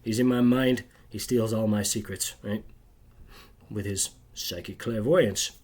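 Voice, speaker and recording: A man's voice: on the low side, steady tone, a little slow, darkish tone, breathy edge. A man telling a rambling, bitter personal story to camera, agitated and constantly tagging his sentences with "right?". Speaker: video creator.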